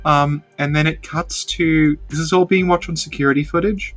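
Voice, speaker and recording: A woman's voice: deep voice, fairly even intonation, moderate pace, faint music behind. A woman co-hosting a casual podcast, recapping with dry sarcasm and frequent laughs. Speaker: podcast co-host.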